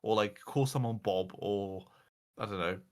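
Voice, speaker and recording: A man's voice: on the low side, a little slow. A man ranting as the reviewer, exasperated and mocking, swearing often as he goes through slides. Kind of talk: casual comedic rant.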